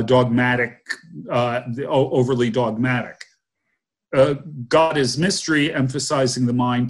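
A man in a casual discussion, explaining ideas step by step in a methodical way. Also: mid-range voice.

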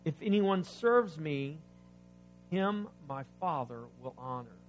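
A man preaching a sermon, reading scripture aloud and explaining it, asking the congregation questions, swinging between loud emphasis and quiet asides. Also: on the high side, animated, slow pace, soft background music. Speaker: pastor.

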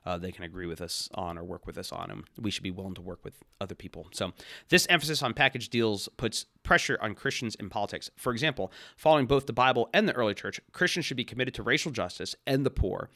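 A man with a fairly low voice hosts a podcast, reading passages aloud and breaking off to comment. He talks fast and conversationally, full of asides, and the close microphone leaves the sound completely dry. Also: vocal fry, fairly bright tone, no room sound. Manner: quick, conversational, with asides and restarts. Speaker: podcast host.

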